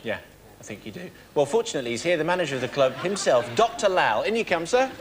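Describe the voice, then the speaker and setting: Very animated and quick, this English game show host has a fairly high voice as he playfully grills contestants with mock severity. The live studio audience makes the recording loud and noisy.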